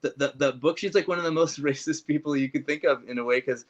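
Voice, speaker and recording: A man in a casual political discussion, talking loosely with quick asides. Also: fairly high pitch. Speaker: podcast guest. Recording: dull lo-fi audio.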